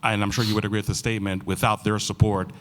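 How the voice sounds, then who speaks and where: Fast, flat-voiced sports reporter. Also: male voice, on the low side. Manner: long, leading question. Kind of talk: asking a press conference question.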